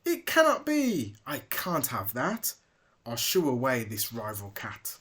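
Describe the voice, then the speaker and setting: A man voicing a vain, jealous male cat who bursts out in shrill indignation, in a storybook reading. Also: lively intonation, normal speed, natural voice. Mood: outraged. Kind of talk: storybook read-aloud.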